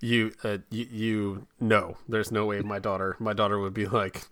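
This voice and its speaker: A man's voice: fairly low pitch, slow pace, fairly bright tone, dry recording. A man in his thirties chatting casually on a podcast, laughing often, stumbling over restarts and slipping into exasperated put-on voices. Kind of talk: casual comedic chat.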